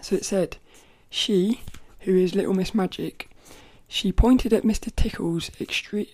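A woman hosting a casual solo podcast, chatting playfully with many restarts and sometimes reading aloud from a children's book. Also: mid-range voice. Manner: chatty and playful, with frequent self-corrections; reads quoted passages louder and slower. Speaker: podcast host.

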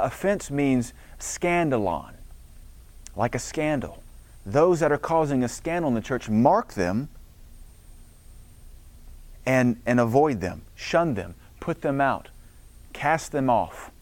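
Middle-aged male pastor, emphatic preacher, medium pitch, dry close recording. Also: a little mellow, dry recording. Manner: emphatic, preacherly cadence quoting scripture. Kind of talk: sermon.

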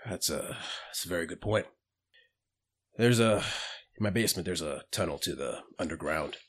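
A man voicing a wary older male bartender who keeps out of trouble, talking low and guarded. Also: lively intonation, normal speed, slightly rough.

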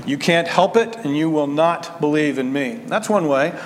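A man preaching a verse-by-verse sermon, animated, acting out the voices he quotes and restarting words as he goes. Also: a little high, moderate pace, big-room sound, slight background noise. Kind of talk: expository sermon.

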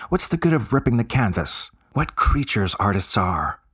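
A man voicing a teasing, lively young woman who models for a painter, in a raised voice. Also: lowish voice, normal speed, husky, no room sound, clean studio sound, pitched above the performer's own voice, heavily acted. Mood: scolding.

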